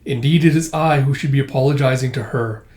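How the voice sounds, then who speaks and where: A man's voice: mid-range voice, a little fast, darkish tone, reverberant, lightly acted. A man reading a gracious, solemn older woman.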